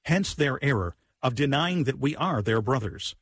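A man reading a sermon text aloud in an earnest, measured way. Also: medium pitch, expressive, fairly bright tone, dry recording. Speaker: liturgical reader.

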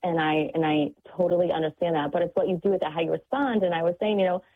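A woman's voice: lowish voice, fairly even intonation, fast talker. A woman speaking as a guest on a faith-based radio talk show, describing parenting in an earnest, reflective way with many fillers. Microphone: phone call. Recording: tinny phone line.

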